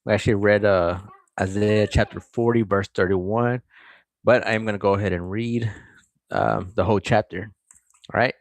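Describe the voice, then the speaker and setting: A man's voice: lowish voice, fairly even intonation, moderate pace, dry recording. A man reading a chapter of scripture aloud and breaking off to comment on it and greet his viewers. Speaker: scripture reader.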